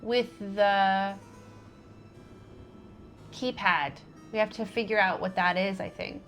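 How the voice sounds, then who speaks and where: A woman's voice: mid-range voice, steady tone, takes it slowly, a bit bright, faint music behind. A woman streamer giving chatty, jokey commentary while playing a mystery game. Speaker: let's play streamer. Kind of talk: casual gameplay commentary.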